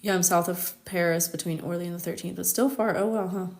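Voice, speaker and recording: Speaking fast in a lowish, steady voice, a thirty-year-old woman from the United States hosts a live stream as an astrologer at her home in Paris. Her casual storytelling is packed with "like" and frequent laughter.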